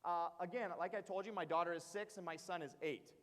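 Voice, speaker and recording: High-voiced man telling a story in a hall. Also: a little fast. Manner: animated, frequent "uh" fillers, asks the audience questions. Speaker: keynote speaker at teacher training. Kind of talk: storytelling presentation. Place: large hall before an audience. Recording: long hall reverb.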